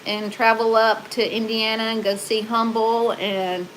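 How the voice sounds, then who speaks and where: A woman's voice: fairly high pitch, flat delivery, unhurried, a bit bright, a little hiss or hum, poor audio. A woman hosting a casual livestream, chatting and reading viewer comments aloud. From Southern United States.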